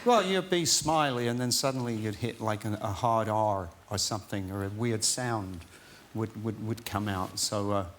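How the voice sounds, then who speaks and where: Hesitant English-born actor on a chat show. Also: male voice, lowish voice, normal speed, few pauses, a bit bright, slight background noise. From England. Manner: hesitant, self-conscious, many restarts. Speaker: talk show guest, actor. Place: TV studio.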